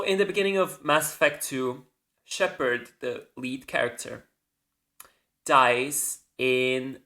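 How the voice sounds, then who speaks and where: A man's voice: mid-range voice, bright, forceful tone. A man hosting a casual solo podcast, rambling and correcting himself as he goes, with the odd casual swear. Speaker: podcast host.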